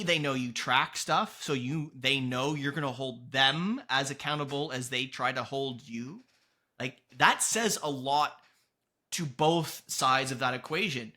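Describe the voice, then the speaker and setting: Guy hosting a podcast, punchy bright voice, fired-up pep talk, drops a swear here and there. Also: medium pitch. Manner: emphatic, earnest, swears casually. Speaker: podcast host and coach. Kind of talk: casual motivational podcast talk.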